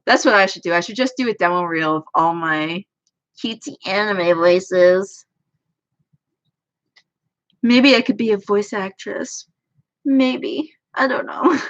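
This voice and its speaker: A woman's voice: medium pitch, measured pace, long pauses. A young woman chatting casually on a livestream from home. She talks in a rambling, self-deprecating way as an anime YouTuber. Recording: dull lo-fi stream audio.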